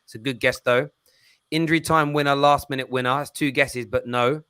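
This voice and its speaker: A man's voice: medium pitch, fairly even intonation, a little fast, sharp tone, clear, resonant tone, dry recording, clean studio sound. A man with a Cockney accent hosting a football talk show, joking and bantering with callers. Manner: jokey, bantering, self-deprecating. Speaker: host.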